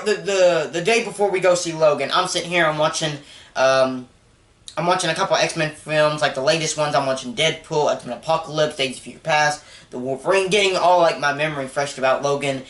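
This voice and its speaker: A young man giving a casual, rambling movie review, excitable and full of restarts. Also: on the high side, normal speed. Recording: roomy echo.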